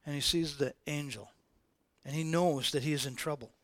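A man preaching a sermon as informal, animated storytelling, repeating phrases for emphasis. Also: on the high side, normal speed, dry recording. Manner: animated, repetitive, colloquial storytelling.

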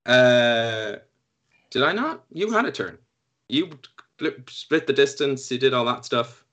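A man's voice: medium pitch, animated, takes it slowly, a bit bright. A man narrating as game master of a tabletop game, rambling and self-deprecating, with lots of fillers.

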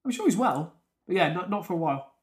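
A man co-hosting a comedy podcast with dry, deadpan quips. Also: high voice, quick pace. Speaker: podcast co-host. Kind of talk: casual comedy chat.

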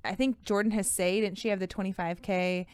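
A woman's voice: mid-range voice, fairly even intonation, a little fast, darkish tone, clean tone, dry recording. A woman co-hosting a podcast, reading race results in casual chat. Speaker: podcast co-host.

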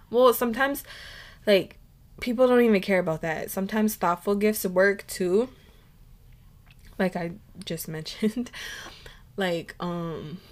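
A young woman hosting her own podcast, chatting casually with lots of "like" and the odd swear word, laughing between points. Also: mid-range voice. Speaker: podcast host. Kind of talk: casual solo podcast chat.

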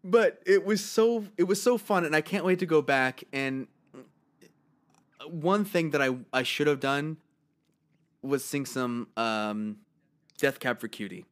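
A man co-hosting a podcast in casual chat, slightly hoarse, telling stories with lots of swearing and laughter. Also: a little high, unhurried, long pauses. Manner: animated storytelling, swears freely, laughs a lot. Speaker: podcast co-host.

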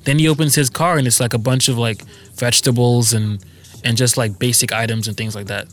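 A man's voice: medium pitch, steady tone, fairly quick. A young man co-hosts a casual podcast chat. He teases his partner, reacts with disbelief and spins out long what-if scenarios. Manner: incredulous, teasing, spins hypotheticals. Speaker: podcast co-host.

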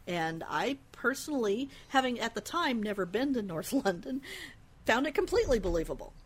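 A woman's voice: on the high side, sing-song, moderate pace, husky. A woman from Denver co-hosting a casual podcast chat, giggly and chatty with some hesitant fillers. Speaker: podcast co-host.

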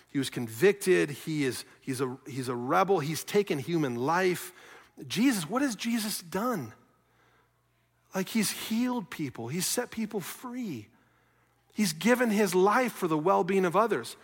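A man preaching a sermon as pastor, earnest, swinging from loud questions to quiet, soft passages. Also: fairly high pitch, gravelly, in a large hall. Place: church sanctuary.

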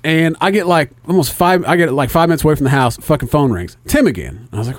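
A man's voice: medium pitch, fast talker, dry recording. A man telling a story in casual chat, swearing often and acting out both sides of the conversation. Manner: profane, animated storytelling.

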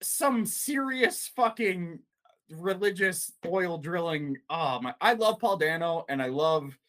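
A man co-hosting a podcast in casual chat, excitable and laughing often, swearing freely. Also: on the high side, unhurried. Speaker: podcast co-host.

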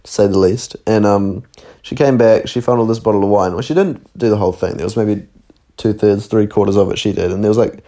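A man's voice: lowish voice, fairly even intonation, fairly quick, warm tone. A young man, co-hosting a podcast, telling a rambling, sweary story and laughing often. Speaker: podcast co-host. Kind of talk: casual storytelling chat.

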